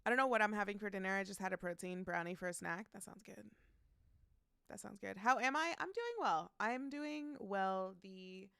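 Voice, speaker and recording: A woman's voice: medium pitch, brisk, gravelly, pushed and bright, clear, resonant tone, no echo, studio quality. A woman streaming live, chatting casually, reading out chat messages and greeting viewers by name, laughing often.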